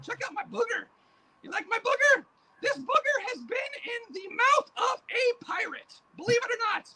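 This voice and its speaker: A man voicing a crude, giggly male puppet boogeyman who cackles and shouts gross-out jokes. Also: very high-pitched, very animated, moderate pace, heavy background noise, pitched above the performer's own voice, heavily acted.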